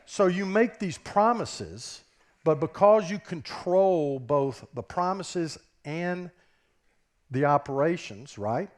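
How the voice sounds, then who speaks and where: A man with a Southern US drawl speaks from a conference stage, his voice sitting a little high for a man. He talks in a loose, conversational way, tossing rhetorical questions at the room, and a stage mic carries him. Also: lively intonation, takes it slowly. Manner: conversational, keeps checking in with the audience with rhetorical questions. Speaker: business professor giving a keynote. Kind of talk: conference keynote talk. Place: conference stage before a live audience.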